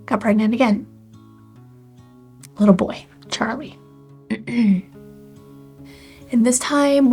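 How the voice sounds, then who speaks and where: A woman in her forties tells her own story candidly and with deep feeling, her voice sitting a little high and carrying a gravelly fry. At times she drops to a near-whisper. Soft music plays faintly beneath her. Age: 40s. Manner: candid and emotional, often dropping to a near-whisper. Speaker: church member sharing her testimony. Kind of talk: personal testimony to camera.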